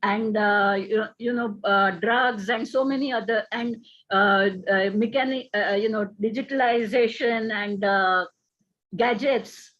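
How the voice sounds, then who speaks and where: A woman's voice: medium pitch, steady tone, a little slow, a bit bright. A woman moderating a seminar question session, polite and a little hesitant, with many filler sounds. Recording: dull lo-fi sound.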